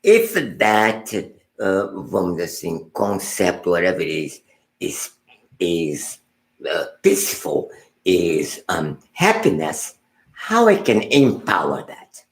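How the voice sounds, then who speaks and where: Deep gravelly Buddhist teacher, slow. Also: male voice, big pitch swings, reverberant, poor audio. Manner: unhurried, halting, repeats words and restarts phrases. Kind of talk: meditation teaching talk.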